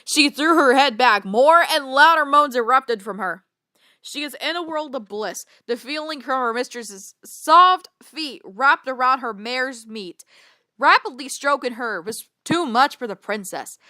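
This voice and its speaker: A woman's voice: sits high, lively intonation, measured pace, sharp tone, dry recording, studio quality. A woman reading a story aloud for laughs, stumbling over words and breaking into disbelieving reactions. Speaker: fanfiction reader. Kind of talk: comedic read-aloud with reactions.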